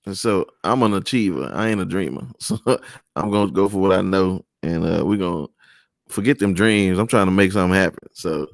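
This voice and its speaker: Gravelly-voiced upbeat talk show host man. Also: low voice, brisk, no room sound, studio quality. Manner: upbeat, playful banter. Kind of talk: casual talk show hosting.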